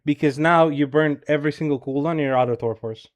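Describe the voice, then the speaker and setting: Slightly high-voiced, a male game coach breaks down someone's gameplay amid slight background noise. His critique is blunt and profane, delivered in fast, filler-laden casual talk peppered with "bro" and "right?".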